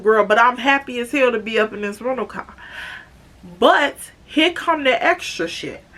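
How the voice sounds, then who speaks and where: A woman vlogger telling a casual storytime to her viewers, chatty and animated, swearing freely and calling the audience "girl.". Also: a little high.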